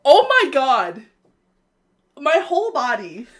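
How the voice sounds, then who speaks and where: A woman hosting a casual reaction chat, excitable and rambling, often gasping and laughing. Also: high voice, takes it slowly. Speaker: channel host reacting to a song. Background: music playing.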